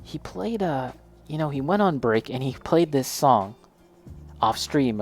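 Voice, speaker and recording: A man's voice: medium pitch, lively intonation, a little slow, soft background music. Chatty man building a model kit. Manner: chatty, talks directly to a friend in chat, laughs often. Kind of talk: casual chat while building.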